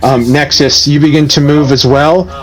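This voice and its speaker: Slow-paced male game master narrating. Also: on the high side, fairly even intonation, poor audio. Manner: measured, slow, hesitant with many ums. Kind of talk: narrating a tabletop horror game. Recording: faint music behind.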